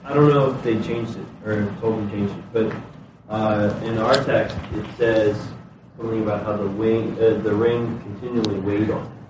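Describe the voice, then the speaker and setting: A male student with a lowish voice makes a hesitant comment in class. He sounds far away in a strongly echoing room, with noise clearly heard behind him. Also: steady tone, normal speed. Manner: hesitant, with fillers. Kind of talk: classroom discussion. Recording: distant, very echoey classroom audio.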